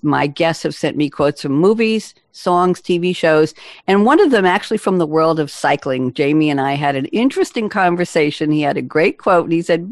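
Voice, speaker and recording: A woman's voice: fairly low pitch, no room sound, studio quality. A woman hosting a business podcast, chatty and playful as she introduces her guests' quotes. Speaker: podcast host.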